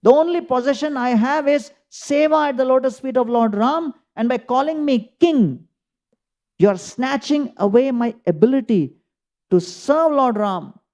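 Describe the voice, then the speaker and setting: A man's voice: high-pitched, lively intonation, a little slow, vocal fry, hardly any pauses, mellow, exaggerated voice. A man voicing an anguished, devoted young prince who pleads with rising indignation. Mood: impassioned.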